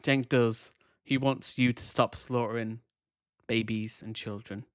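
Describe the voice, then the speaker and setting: A man's voice: medium pitch, fairly even intonation, measured pace, clean tone, dry recording, studio quality. A man casually commenting on a debate clip he is reacting to, with critical, conversational asides.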